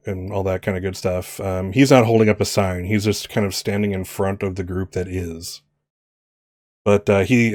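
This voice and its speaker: A man's voice: on the low side, a little mellow, dry recording, studio quality. An older man narrating as game master, rambling with many fillers.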